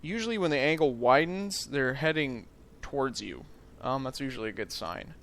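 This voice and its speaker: A man's voice: medium pitch, lively intonation, moderate pace, fairly bright tone, a little hiss or hum. A man from the United States giving casual let's play commentary, thinking aloud in a rambling, self-mocking way.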